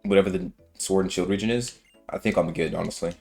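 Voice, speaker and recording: His voice sits low and darkish with vocal fry, fairly even intonation, and a quick pace, with faint music behind. A let's-play gamer in his twenties, he gives rambling, slangy, filler-heavy commentary while playing.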